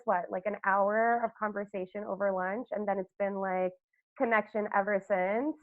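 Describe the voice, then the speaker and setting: A woman's voice: mid-range voice, dry recording. A woman hosting a podcast interview in casual chat, gushing and rambling with lots of fillers. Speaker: podcast host. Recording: dry, tinny phone-like line.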